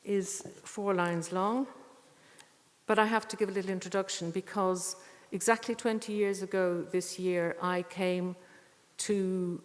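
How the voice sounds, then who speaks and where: A middle-aged woman reading poetry in a measured, deliberate way, with rambling, chatty introductions between poems. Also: medium pitch, fairly even intonation. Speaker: poet reading at a tribute evening. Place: church. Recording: long church reverb.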